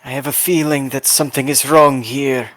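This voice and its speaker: A man's voice: mid-range voice, fairly even intonation, moderate pace, a bit bright, no echo, lightly acted. A man voicing an earnest male dwarf in a tabletop game, speaking solemnly and formally.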